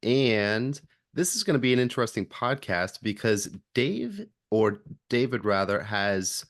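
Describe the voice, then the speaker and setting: A man hosting a podcast, asking his guest questions in a relaxed, casual way. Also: medium pitch, a little slow, no echo, studio quality. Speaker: podcast host. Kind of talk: casual interview chat.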